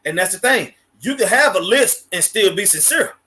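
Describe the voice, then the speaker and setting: A man's voice: sits high, expressive, moderate pace, a loud crowd, rough recording. A man teaching in a casual Bible class, blunt and emphatic, with slang and swearing.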